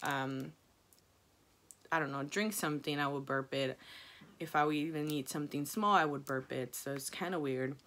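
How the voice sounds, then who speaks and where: A young pregnant woman with a Mexican-American accent, chatting casually to camera for her vlog and quoting herself in high, excited bursts. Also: normal speed. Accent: Mexican-American English. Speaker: vlogger.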